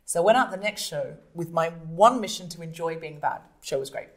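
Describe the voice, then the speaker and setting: A woman comedian and podcast host telling stories in an interview, animated and acting out scenes with voices. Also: on the low side, brisk. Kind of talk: storytelling interview.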